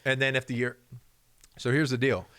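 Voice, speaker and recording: A man who once played football, co-hosting a casual sports chat and talking in an animated way. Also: mid-range voice, normal speed, clean tone. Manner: animated, acts out voices of others. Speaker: co-host, former football player.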